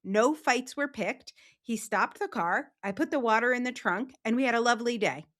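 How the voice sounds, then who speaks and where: A woman guest in a casual interview, telling stories in a lively way and acting out what people said. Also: a little high, moderate pace. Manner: animated storyteller, acts out quoted voices. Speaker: podcast guest.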